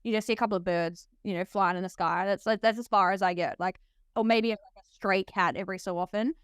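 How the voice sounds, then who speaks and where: A young Australian woman hosting a podcast interview, chatty and enthusiastic, talking fast with lots of laughs in her voice. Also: medium pitch, fairly even intonation, clean tone, dry recording, clean studio sound. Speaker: podcast host, nurse. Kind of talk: casual interview chat.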